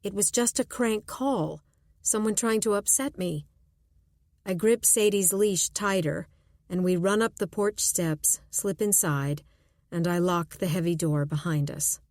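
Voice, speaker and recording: A woman narrating a suspense audiobook in first person, measured and tense. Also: on the low side, a little mellow, no echo, clean studio sound.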